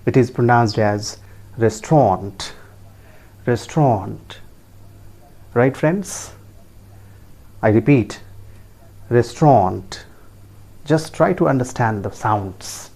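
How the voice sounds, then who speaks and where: A man's voice: mid-range voice, expressive, slow pace, a little mellow. A man with an Indian English accent teaching pronunciation, spelling words letter by letter and checking in with rising questions. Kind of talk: pronunciation lesson.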